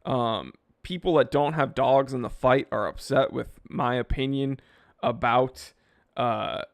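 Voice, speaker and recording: A man's voice: mid-range voice, unhurried, dry recording. Joking man reading live stream comments. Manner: joking, self-deprecating, lively. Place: home studio in California. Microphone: wearing headphones, close mic.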